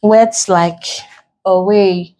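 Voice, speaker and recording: A woman with a Nigerian English accent tutoring an exam-prep lesson, slow and deliberate, repeating key points as she writes on a board. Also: mid-range voice, fairly even intonation, mellow, poor audio.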